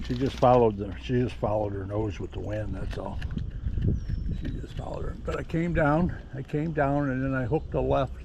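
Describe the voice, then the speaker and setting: Male dog handler, gravelly and at an average pitch, folksy and chatty, with high baby-talk praise for his dog. Outdoor recording with noise. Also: fairly even intonation, normal speed. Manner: folksy rural grammar. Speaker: dog handler tracking wounded deer. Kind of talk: casual outdoor vlog narration. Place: outdoors in the woods.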